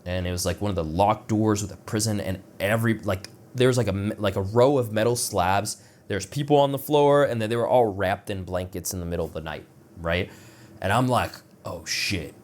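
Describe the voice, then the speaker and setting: There's a little hiss or hum behind this young vlogger's lowish, slightly fast voice as he recounts something that happened to him. His delivery is rambling and profane, loaded with fillers, and he laughs at his own humor while voicing the other people in the story.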